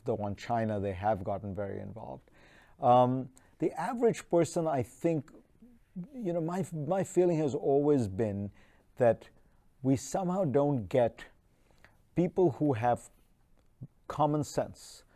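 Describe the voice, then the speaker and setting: Man, featured speaker; mellow, darker tone, measured and reflective, restarts often. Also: mid-range voice. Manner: measured, thoughtful, with restarts and fillers. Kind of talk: live online town hall answers.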